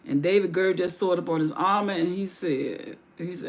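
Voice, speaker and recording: Woman on a livestream telling a bible story, casual and loose, gravelly voice. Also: on the low side, normal speed. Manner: casual vernacular with restarts and asides. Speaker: livestream host. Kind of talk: informal Bible story retelling.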